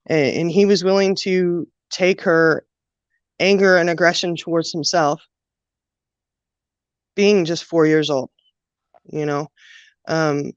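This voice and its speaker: Woman guest, personal story, halting and emotional, muffled dry recording. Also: on the low side, steady tone, smooth, no room sound. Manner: halting, emotional recollection with many fillers. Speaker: guest sharing childhood story. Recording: dull, dry lo-fi sound.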